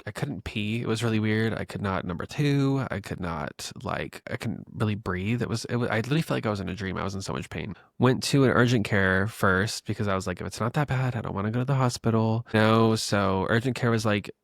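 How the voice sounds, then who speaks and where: A man's voice: lowish voice, a little fast, gravelly, few pauses, no room sound, clean studio sound. A young man hosting his own podcast, telling a personal story in a chatty, casual way and calling his listeners "besties". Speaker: podcast host. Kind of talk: casual solo podcast talk.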